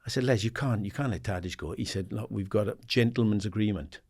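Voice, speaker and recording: This guest is an English former footballer and assistant manager in his sixties, talking fast in a lowish voice with a breathy edge. In a casual storytelling interview he tells animated stories, acting out the dialogue, laughing often, swearing casually and using "mate".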